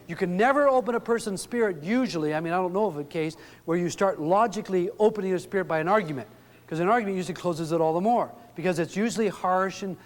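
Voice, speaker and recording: Man giving a seminar in a reverberant hall. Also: a little high. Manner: storytelling, acts out quoted dialogue. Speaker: relationship seminar speaker. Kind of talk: live seminar talk.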